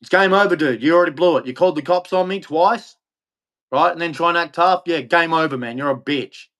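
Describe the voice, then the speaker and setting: Speaking to the camera, an Australian vlogger unleashes a bitter, profane monologue, cursing freely and circling back over the same complaints. His voice is brisk, a bit bright, and pitched a little higher than most men's.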